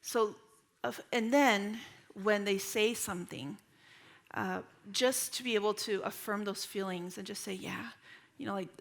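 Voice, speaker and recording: A woman's voice: mid-range voice, normal speed. A woman in her thirties speaking at a church retreat, earnest and conversational as she tells a personal story. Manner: earnest, storytelling, acts out quoted voices.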